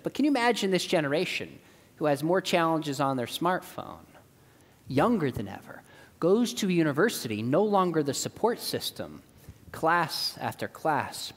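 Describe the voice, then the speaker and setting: A middle-aged man speaks to a church audience in a fairly high voice. He tells stories with lively energy and slips into other people's voices as he quotes them. A long reverb from the church hall trails each phrase. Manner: animated, acts out dialogue in quoted voices. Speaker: apologetics speaker. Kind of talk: church seminar talk with storytelling. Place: church auditorium.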